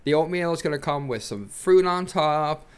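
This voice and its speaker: A man hosting a casual podcast and posing the questions, playful and laughing as he pitches ideas. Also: animated, moderate pace, clear, resonant tone. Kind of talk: casual banter.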